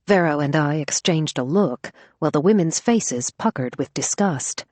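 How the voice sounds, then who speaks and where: A woman reading an audiobook in an even, measured way, her voice low and husky. The recording is close and dry. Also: no echo. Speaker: audiobook narrator. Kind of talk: scripted narration. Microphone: close studio mic.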